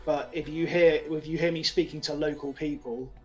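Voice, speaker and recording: An English man from the West Country speaks with a flattened version of his local accent. His voice sits a little high, and he slows down to explain points in a relaxed online conversation. Faint music plays behind him. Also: lo-fi sound. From West Country, England. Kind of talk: casual video-call chat.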